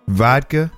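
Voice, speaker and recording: A man co-hosting a casual, profane podcast chat, joking around with playful boasting. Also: mid-range voice. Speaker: co-host.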